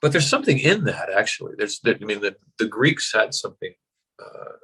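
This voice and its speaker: Male American actor, low register, animated storyteller, casual interview guest. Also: fairly quick, breathy edge, poor audio. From United States. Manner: animated, acts out voices in anecdotes, frequent fillers.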